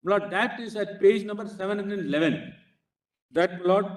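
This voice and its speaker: An Indian English-accented man argues before a court bench in a slightly raised voice. His phrasing is halting and insistent, nearly every clause punctuated with a respectful "Lord". He sounds echoey and roomy, as if picked up by a distant microphone in a courtroom. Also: high-pitched. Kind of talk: courtroom legal argument.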